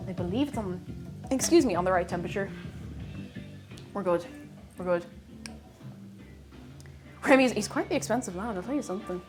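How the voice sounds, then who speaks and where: An Irish woman cooks in her home kitchen while chatting with her stream audience, bubbly and talkative, reading out viewer names. Her mid-range voice is expressive and brisk, broken by long pauses, with soft music playing behind her.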